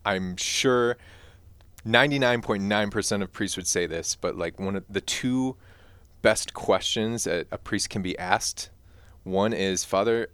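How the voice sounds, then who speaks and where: A man's voice: deep voice, fairly bright tone, clear, resonant tone, no echo. A man in his thirties, a priest, talking earnestly as a guest in casual chat.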